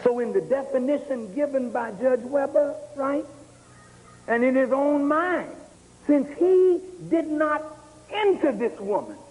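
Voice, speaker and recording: A man's voice: extremely high pitch, expressive, unhurried, darkish tone, poor audio. A man giving an emphatic lecture, firing rhetorical questions at the audience. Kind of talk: lecturing speech.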